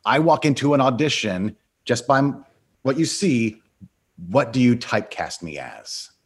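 Upbeat interview host, mid-pitched, very animated. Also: male voice, unhurried, husky. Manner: upbeat, laughs easily. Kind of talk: casual interview, quickfire questions.

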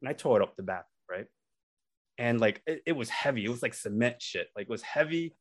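A young man casually telling embarrassing stories on a podcast, animated and acting out the people in them. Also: mid-range voice, fast talker. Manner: animated, acts out voices in his stories. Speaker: podcast co-host. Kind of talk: casual storytelling.

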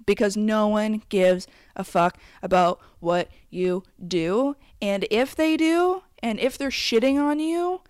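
A woman's voice: medium pitch, slow pace, few pauses, a little mellow, clean tone, no echo. A woman in her late twenties speaks bluntly, swearing freely as she gives candid advice with chatty asides. Her voice sits in a mid range for a woman. The recording is dry and close, with no room sound. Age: 20s. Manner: blunt, profane and emphatic; conversational, with frequent asides. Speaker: vlogger. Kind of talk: candid advice rant to camera.

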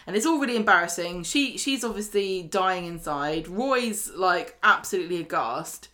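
Chatty British woman recapping with a lower voice. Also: expressive, moderate pace, few pauses, bright, forceful tone. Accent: British English. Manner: chatty, retells scenes with quoted lines, laughs easily. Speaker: podcast co-host. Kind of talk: casual recap chat.

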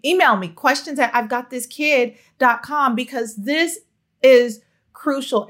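A woman giving child-speech advice to parents in a solo monologue, talking emphatically and affectionately straight to her listeners. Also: sits high. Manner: expressive, emphatic, affectionate direct address.

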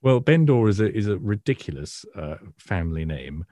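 A British man co-hosting an art podcast, explaining paintings in a self-deprecating, hesitant way with many pauses. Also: lowish voice, big pitch swings, dark tone, no echo, clean studio sound. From Britain. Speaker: podcast co-host, art historian. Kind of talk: casual chat.

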